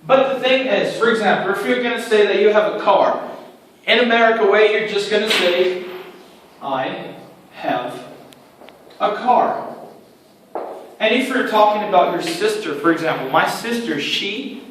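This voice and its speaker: A male English teacher giving a whiteboard grammar lesson, explaining slowly and repeating each point step by step. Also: sits high, lively intonation, a bit bright. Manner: slow, repetitive, explaining step by step. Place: room with a writing board. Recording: very echoey room, far from mic, faint noise.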